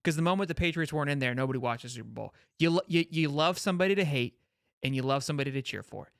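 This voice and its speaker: A man's voice: a little high, very fast, creaky, dry recording. Chill guy hosting a sports talk show, says bro a lot, dry room sound. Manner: rambling, laughs easily, says bro and dude. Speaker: sports podcast host.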